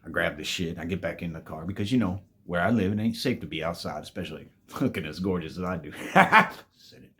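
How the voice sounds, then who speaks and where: A man's voice: low voice, fast. A man casually telling a storytime tale to his viewers, laid-back and full of swearing, calling them babies. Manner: profane, laid-back, calls listeners "babies".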